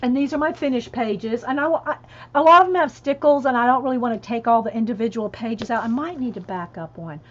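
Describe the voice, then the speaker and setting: A chatty woman with a lilt, talking casually and laughing easily as she answers viewers. Her voice sits a bit high. The stream audio is dull and lo-fi. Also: a little fast, a little hiss or hum. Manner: chatty, laughing, reads chat aloud. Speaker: coloring livestream host. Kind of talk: casual livestream chat.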